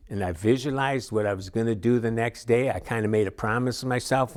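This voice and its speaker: A man's voice: on the low side, moderate pace, few pauses. A middle-aged man teaching a recovery class in a conversational, folksy way, with frequent asides and fillers. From Chicago area. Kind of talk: recorded class lecture.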